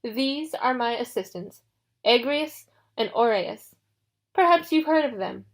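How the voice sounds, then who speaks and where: A woman reading an audiobook, voicing a smooth, mocking young male villain who taunts the heroes. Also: on the high side, expressive, a little slow.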